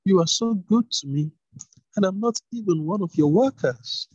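A man voicing a humble, grateful young widowed foreign woman in a read-aloud Bible story, with a husky voice. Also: sits high, animated, moderate pace, a little mellow, dry recording, highs cut off, voice pushed up.

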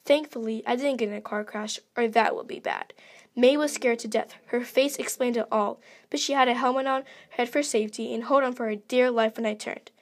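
Woman reading out her own mystery story, kinda high voice, plain and earnest. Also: steady tone, fairly quick. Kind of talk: reading aloud a self-written story.

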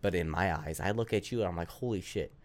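A man's voice: sits low, fast talker. A man co-hosting a casual podcast, rambling with lots of swearing and filler words. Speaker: podcast co-host.

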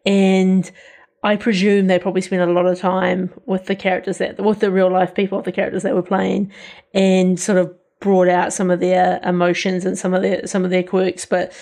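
A woman's voice: fairly low pitch, completely flat delivery, normal speed, darkish tone. A woman co-hosting a casual film review podcast, talking in a musing way with many "like" fillers.

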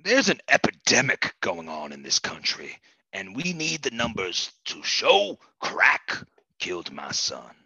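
A man doing an impression of a blustering old president, talking in a breathy, whispery rasp and rambling gruffly. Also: deep voice, wildly swooping pitch, unhurried, sharp tone, no room sound, exaggerated voice, rough recording. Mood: aggrieved.

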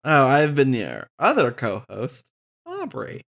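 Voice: medium pitch, huge pitch swings, slow pace, creaky, fairly bright tone. A podcast co-host in casual chat who laughs often and swears casually.

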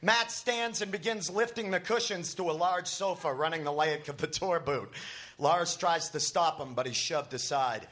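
A comedian reading a comic story aloud at a comedy festival, narrating an absurd tale with a straight delivery. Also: male voice, a little high, normal speed, a bit bright.

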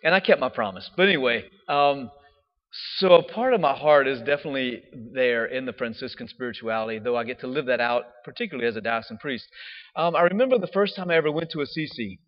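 A man, a diocesan priest, telling a personal story in a chatty, animated way with casual fillers. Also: mid-range voice, quick pace. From United States. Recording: dull audio with long hall reverb.

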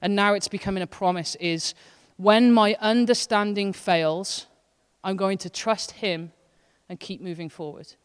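A woman's voice: mid-range voice, fairly even intonation, unhurried, smooth. A woman associate pastor preaching a sermon in a casual, earnest, conversational way, with her intensity rising and falling as she speaks. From Wales. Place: church hall. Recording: long church hall reverb.

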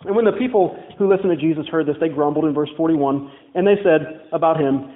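A man's voice: fairly high pitch, brisk. Young pastor guy from louisiana, chatty sermon, echoey church sound. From Louisiana, USA. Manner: conversational storytelling, wry asides. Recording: tinny, echoey church recording.

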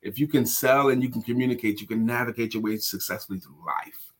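A man hosting a casual livestream chat, animated and emphatic, repeating his key phrases. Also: medium pitch, fast talker. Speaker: show host and sales coach.

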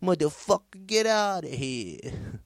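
A man doing a brash yelling Jersey guy. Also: high-pitched, very animated, slow, gravelly, no echo, studio quality, voice pushed up, exaggerated voice. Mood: snarling. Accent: put-on New Jersey. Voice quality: harsh, loud, brash. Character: crude foul-mouthed male New Jersey local yelling.

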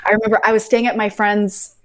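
A woman in her thirties, an actress telling audition stories in an interview, chatty with halting restarts. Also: medium pitch, little pitch movement. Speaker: actress guest. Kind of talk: casual interview anecdotes.

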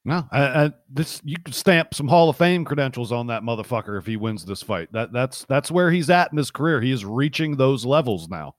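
A man's voice: medium pitch, lively intonation, fairly quick, hardly any pauses, dry recording. Laid-back man podcasting, dry sound. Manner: laid-back, blunt, swears and laughs easily. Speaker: boxing podcast co-host. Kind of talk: casual podcast chat.

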